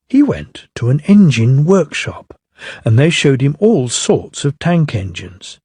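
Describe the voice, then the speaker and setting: Older male storyteller, measured reading; husky, close and dry. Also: medium pitch, very animated, dark tone, dry recording. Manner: measured and unhurried. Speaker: narrator. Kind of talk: scripted storybook narration.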